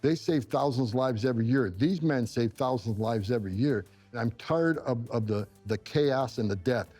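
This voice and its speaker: A man's voice: medium pitch, moderate pace, a little mellow, faint music behind. A middle-aged man from upstate New York, a former immigration enforcement director, giving intense, emotional interview answers and repeating himself when moved.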